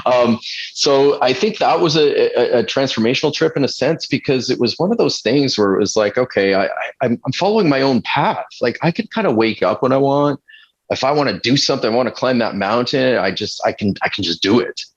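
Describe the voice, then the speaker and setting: A man's voice: mid-range voice, expressive, slightly rough. A man who works as a fitness coach, chatting casually on a podcast, full of restarts and fillers and laughing now and then. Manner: halting, many restarts and fillers; laughs now and then while telling stories. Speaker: fitness coach and retreat leader. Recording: dull lo-fi sound.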